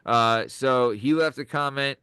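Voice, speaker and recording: A man hosting a podcast in casual, joking banter, excitable and freely profane. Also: medium pitch, a little slow, clear, resonant tone, no echo. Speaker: podcast host.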